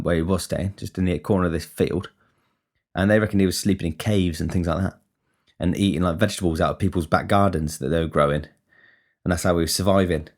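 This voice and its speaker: A man telling a story on a podcast in a casual, rambling way, swearing freely and getting animated. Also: sits low. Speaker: podcast host.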